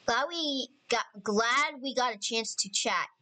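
A woman hosting a casual let's-play commentary, chatty and excitable, often apologizing and thinking aloud as she plays. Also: fairly high pitch, measured pace, poor audio. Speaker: gaming channel host.

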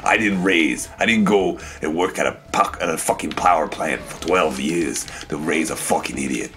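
A man voicing his crude, short-tempered father with gruff, swearing insults. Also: a bass voice, normal speed, fairly bright tone, slight background noise. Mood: scolding.

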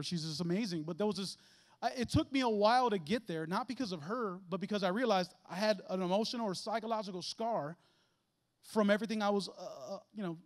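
Fast-talking high-voiced young male preacher. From Chicago. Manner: animated, preaching with loud emphatic bursts and quick asides. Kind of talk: sermon. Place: church sanctuary.

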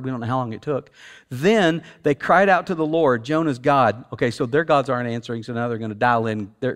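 A man, the senior pastor, preaching a sermon in a conversational way. He repeats words for emphasis and drops from loud, emphatic peaks to hushed, quiet stretches. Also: on the high side. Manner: repeats words for emphasis, casual fillers like "like" and "you know".

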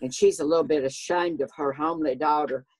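Older Southern man, husky voice, gossipy and animated; guest on a casual chat. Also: a little high, fast talker. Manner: chatty, animated storyteller who acts out quoted voices.

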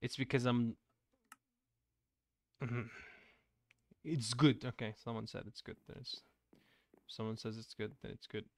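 A man's voice: medium pitch, steady tone, unhurried, creaky, pauses often, no room sound, clean studio sound. Playful young man streaming a game. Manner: playful, teasing, jokey. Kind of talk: casual gaming stream chat.

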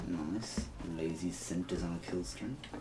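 A man giving casual gameplay commentary as a video host, jumping from quiet mumbles to loud excited outbursts. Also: low voice, measured pace, very noisy.

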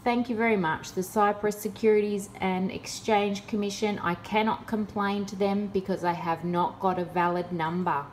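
A woman's voice: mid-range voice, fairly even intonation, moderate pace, few pauses, a little hiss or hum. A woman in a casual vlog, talking in a sarcastic, exasperated way. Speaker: vlogger.

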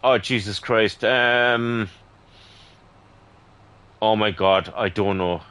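A man's voice: on the low side, steady tone, takes it slowly, bright, forceful tone, smooth. A man with an Irish accent, a gaming streamer chatting casually with another player, joking boisterously and swearing freely. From Ireland. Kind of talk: casual voice chat while gaming.

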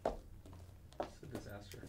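A man's voice: takes it slowly, far from the mic, very noisy, lightly acted. An actor playing an exasperated male camera operator who groans that the shoot is a disaster.

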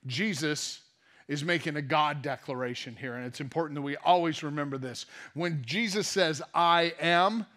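A man preaching a sermon in a fairly high, light voice. He talks in an easygoing storytelling manner, slipping in jokes and playful asides as he goes. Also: normal speed. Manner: lively storytelling with jokey asides. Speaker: pastor.

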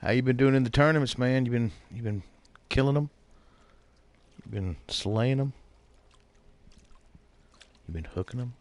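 A man's voice: mid-range voice, unhurried, pauses often, no echo. A man streaming a game and chatting casually with his viewers, bantering with them by name. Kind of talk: casual live gameplay commentary.

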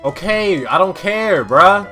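A young man giving loud, slangy, exasperated commentary while playing a school simulator game. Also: high-pitched, animated, slow pace, over music. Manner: slangy, repeats phrases. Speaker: gaming YouTuber. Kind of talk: casual let's-play commentary.

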